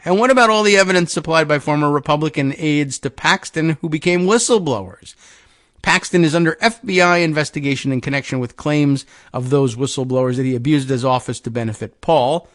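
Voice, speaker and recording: A man's voice: on the high side, fairly bright tone, dry recording, clean studio sound. A male host reading news aloud and breaking in with wry, sardonic asides.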